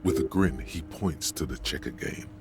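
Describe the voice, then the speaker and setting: A man's voice: rumbling low, normal speed, over music. An actor voicing the male inner voice of a detective's mind as game narration, ominous and taunting.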